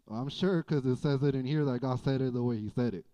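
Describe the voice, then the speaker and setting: A man preaching a sermon as pastor, in a folksy, animated way with playful asides. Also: medium pitch, fast. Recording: dull lo-fi church audio.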